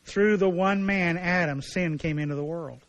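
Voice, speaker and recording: A man preaches from the pulpit, his voice sitting a little high. He explains scripture in an animated way, slipping into character voices and personal asides. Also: normal speed, poor audio. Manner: animated preaching, acting out voices of biblical figures. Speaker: pastor. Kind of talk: sermon.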